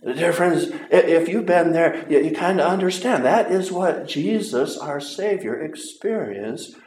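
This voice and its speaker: Slow, earnest preacher in an echoey room. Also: male voice, a little high, animated, a little mellow. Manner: earnest, halting, with repeated words and long pauses. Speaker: pastor. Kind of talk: sermon. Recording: roomy echo.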